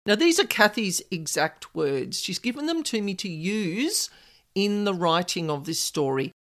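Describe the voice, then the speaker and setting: A woman's voice: mid-range voice, very animated, a little slow, a bit bright. A woman narrating a personal story in a conversational way with casual asides.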